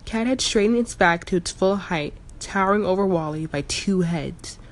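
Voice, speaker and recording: A woman's voice: medium pitch, normal speed. A woman reading a fantasy story aloud as narrator, telling it steadily with the odd slip and retake. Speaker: audiobook narrator.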